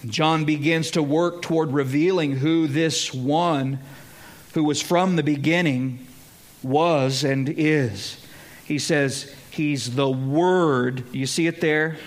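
A man with a notably high voice preaches a sermon, talking casually to his listeners. He tells the story in an animated way and leans on dramatic pauses. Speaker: pastor.

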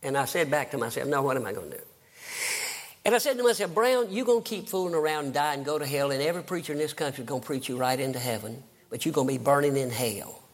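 A man's voice: mid-range voice, animated, quick pace. An older man preaching a fervent sermon, telling his own conversion story and rising to emphatic outbursts. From American South. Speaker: evangelist preacher.

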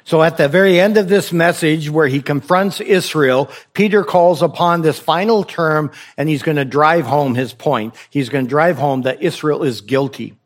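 Hardly pausing, a pastor with a higher-leaning voice preaches at a moderate pace to his congregation. His exhortation relies on rhetorical questions and repetition to press his point.

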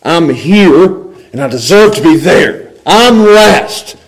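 A man voicing a grumbling, envious churchgoer in a high, whining, self-pitying tone. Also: expressive, normal speed, slightly rough, low-quality recording. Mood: complaining. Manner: self-pitying, moaning about others' blessings.

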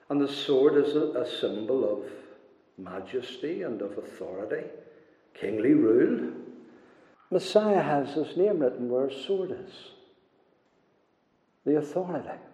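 A man preaching a sermon with a preaching cadence, moving between hushed passages and loud ones. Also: medium pitch, dull audio. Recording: echoey hall with long reverb.

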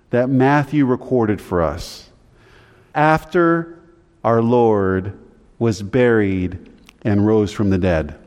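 A male pastor giving a conversational teaching sermon, his voice climbing higher when he stresses a point. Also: a little mellow. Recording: long hall reverb.

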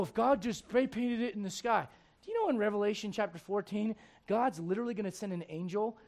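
A man's high, creaky voice with a darkish tone fills a church as he delivers a rousing sermon, frequently asking the congregation questions.

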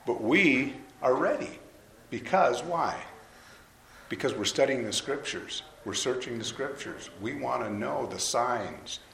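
A man's voice: mid-range voice, animated, measured pace, gravelly, fairly bright tone. A man preaching a sermon to a live audience in a conversational way, asking them questions. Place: hall with an audience. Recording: roomy hall, faint noise.

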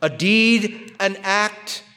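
An American man preaching an expository sermon as pastor, slow and emphatic, often repeating words for stress. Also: sits high, pushed and bright. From United States. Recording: long hall reverb.

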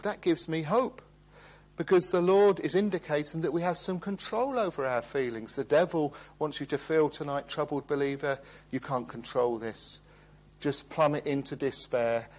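Earnest male preacher, gently pleading. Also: fairly high pitch. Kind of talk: sermon.

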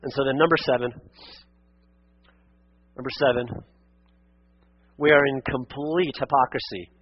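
A man with a husky, slightly breathy voice preaches a sermon in a church. He is earnest and exhorting, swinging between emphatic peaks and quiet, intimate asides. The recording sounds dull and lo-fi. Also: medium pitch, steady tone, unhurried, no echo. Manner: addresses listeners as friend and beloved. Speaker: pastor. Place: church sanctuary.

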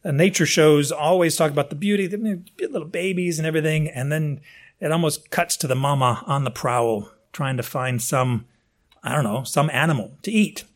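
A man preaching a sermon in a conversational, digressive way, restarting phrases and jumping up in pitch for emphasis. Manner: animated, with big swings in pitch for emphasis. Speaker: pastor.

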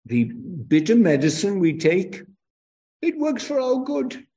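An older Welsh man preaches to children, his pitch leaping and falling in a lively sing-song. He talks slowly and deliberately, leaning on each phrase with emphatic rises, and his voice sits a touch high for a man. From Wales. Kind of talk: children's sermon.

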